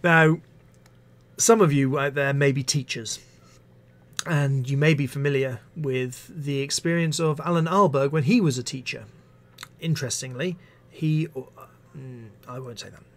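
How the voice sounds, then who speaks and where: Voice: medium pitch, a little slow. An English teacher on a live stream, reciting favourite poems theatrically and adding wry asides. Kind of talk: live-stream poetry reading.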